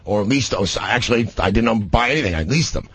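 A man chatting casually, telling a quick, dry story and putting in short agreeing remarks. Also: on the low side, expressive, a bit bright, slightly rough, no echo. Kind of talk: casual chat.

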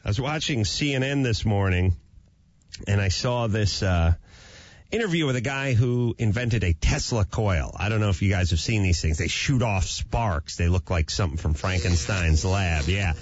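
A man on a talk show spins a comic story with a lively, swooping voice that jumps up and down. The sound is dry and a little dull. He talks with animation and slips easily into little acted-out voices. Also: lowish voice, moderate pace, breathy edge, no echo. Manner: animated, acts out his dog and his own hushed yelling. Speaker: radio show host.

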